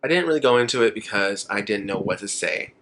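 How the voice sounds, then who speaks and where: A man's voice: on the low side, expressive, fast, a bit bright. A young man chatting to camera in a makeup vlog, rambling, emotional and laughing often. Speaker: makeup vlogger. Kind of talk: casual chat to camera.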